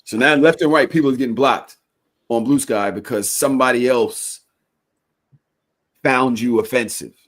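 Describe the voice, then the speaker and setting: A man co-hosting a podcast in casual chat, teasing and animated, with loud bursts. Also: mid-range voice, moderate pace, pauses often. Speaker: podcast co-host.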